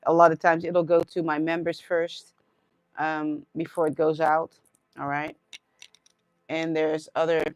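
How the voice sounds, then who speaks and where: A woman hosting a sound-healing live stream, chatting casually with listeners, laughing often and checking in with "all right?". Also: low-pitched. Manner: slow, dreamy voice when describing visions. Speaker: host and sound healer.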